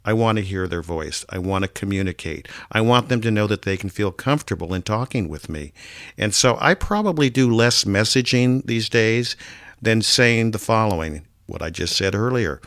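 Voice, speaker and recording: Man, middle-aged, radio talk host, earnest, measured, low pitch, dry sound. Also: expressive, a bit bright, no echo. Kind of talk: casual chat about dating.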